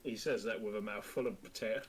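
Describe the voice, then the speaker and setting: A man's voice: on the low side, breathy edge. A man playing a tabletop game, describing his character with laughs and swearing. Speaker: player.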